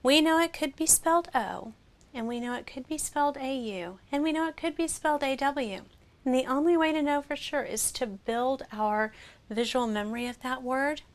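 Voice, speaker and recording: A woman teaching a phonics lesson, sounding out vowels slowly and clearly and praising the listener. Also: high voice. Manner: slow, clear, encouraging, sounds out each vowel.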